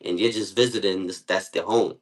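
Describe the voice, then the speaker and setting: A man's voice: sits low, steady tone, a little fast. A man hosting a podcast, asking questions in easygoing street slang. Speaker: podcast host. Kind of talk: casual interview chat.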